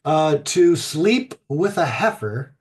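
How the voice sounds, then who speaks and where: A man hosting a podcast, retelling an ancient myth in a rambling, irreverent way, swearing and filling pauses with ums. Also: on the high side, sing-song, darkish tone, breathy edge. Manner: rambling, irreverent, profane, many fillers. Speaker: podcast host.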